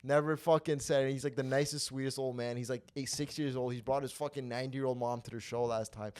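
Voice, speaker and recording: A man's voice: medium pitch, steady tone, fast, a little mellow, smooth. A young man hosting a comedy podcast, telling crude, rambling stories between laughs. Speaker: podcast host. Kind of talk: casual comedy podcast chat.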